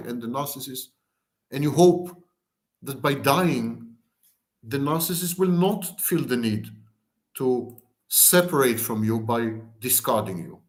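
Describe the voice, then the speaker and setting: Male lecturer, animated intonation, explains in long cadenced lists, mid-pitched. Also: takes it slowly. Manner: lists words in long rhythmic strings. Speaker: lecturer on narcissism.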